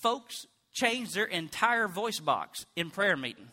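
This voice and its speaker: High, bright-voiced preacher with a twang. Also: male voice, takes it slowly. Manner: animated, comic storytelling with sudden loud bursts and mock prayer voices. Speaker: pastor. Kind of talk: sermon.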